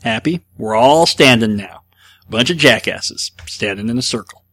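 A man's voice: mid-range voice, animated, normal speed, a bit bright, no echo. Grumpy sarcastic raccoon, as a man quotes him.

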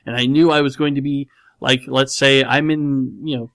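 A man in a casual chat who rambles through his thoughts, leaning on "like" and "you know". He reads out listener questions and answers them with a dry, sarcastic edge. His voice sits at an ordinary middle pitch. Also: fairly even intonation, moderate pace, creaky, fairly bright tone. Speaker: podcast host reading listener questions.

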